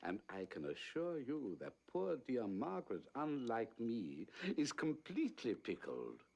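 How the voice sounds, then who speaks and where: An actor playing a smug, scheming male doctor with a gravelly voice. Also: mid-range voice, huge pitch swings, unhurried, a little mellow, lo-fi sound, exaggerated voice.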